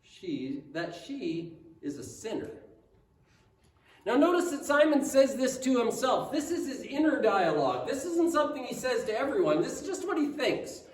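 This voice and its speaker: Male pastor, sermon, very high voice, echoey sanctuary sound, voice a bit distant from the mic. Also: a little fast, hardly any pauses. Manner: animated storytelling with rhetorical questions to the congregation.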